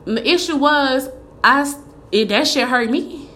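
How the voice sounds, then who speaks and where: A woman's voice: high-pitched, unhurried, sharp tone, slight background noise. A young woman telling her own story in a candid vlog monologue, blunt and profane, driving her points home with repetition. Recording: echoey room with faint ambience.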